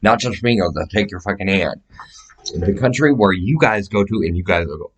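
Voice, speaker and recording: Deep voiced guy just rambling to the camera, swearing a lot, jumps around. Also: animated, brisk. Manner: profane, meandering, gestures while describing sizes. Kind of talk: rambling casual monologue to camera.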